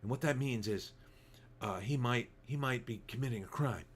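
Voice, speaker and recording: Man imitating a mumbling action-star cop, soft, halting, low-key. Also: husky, natural voice.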